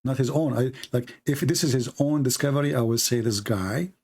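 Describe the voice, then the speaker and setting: A man whose first language is Arabic tells stories and argues in broken English, animated and laughing. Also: medium pitch, fairly quick, husky. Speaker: host. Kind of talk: casual storytelling and polemic.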